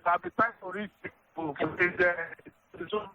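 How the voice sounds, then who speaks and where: A Nigerian man calling in to a radio show, halting and repeating himself as he pleads to speak. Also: high voice, a little hiss or hum. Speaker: radio caller. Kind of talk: phone call-in. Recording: dull phone line.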